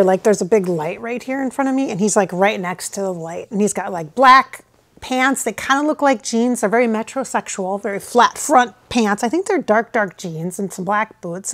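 An American woman talking casually to camera in a rambling, hesitant way, often restarting her sentences. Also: mid-range voice. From United States. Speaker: channeler. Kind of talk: casual spoken reflection to camera. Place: at home with her husband filming.

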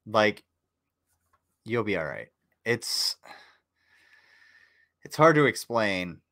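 Deep-voiced tired man joking on stream. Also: very animated, extremely slow, sharp tone. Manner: joking, profane, rambling. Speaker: streamer reviewing war footage. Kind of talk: casual livestream commentary.

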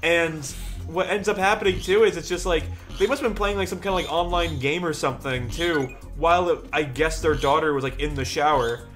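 Young male let's-play host, high voice, rambling cursing storyteller, game music under. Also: a little fast, fairly bright tone. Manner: rambling storyteller, swears freely. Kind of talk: casual gameplay commentary.

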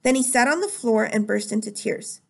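A woman teacher reading a novel aloud in a steady, plain storytelling manner. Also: fairly high pitch, moderate pace, gravelly.

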